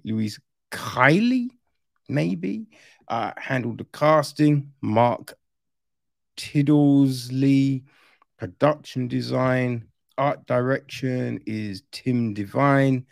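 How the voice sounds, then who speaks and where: A man's voice: mid-range voice, gravelly, dry recording, clean studio sound. A man chatting casually through a film review, rambling and often tossing in "right?" as an aside.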